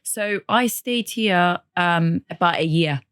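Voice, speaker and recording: A woman who grew up in Turkey, her accent a mix of Turkish and a bit of Birmingham. She chats easily and laughs often, and her voice sits a little low. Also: slow, a bit bright, smooth. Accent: Turkish, mixed with a Birmingham lilt. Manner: chatty, laughing storyteller. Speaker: podcast guest. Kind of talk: casual interview chat.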